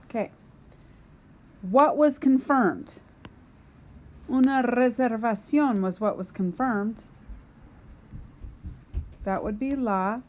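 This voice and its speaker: A woman's voice: a little high, slow, long pauses, a little hiss or hum. A woman teaching a recorded grammar lesson, patiently explaining and talking to herself as she writes on a board. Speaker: Spanish teacher.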